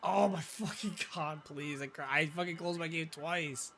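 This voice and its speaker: This voice is a little high and gravelly with a fairly bright tone, moving at normal speed. The man is live-streaming a role-play game, commenting to himself with frequent swearing as his mood swings between frustration and disbelief.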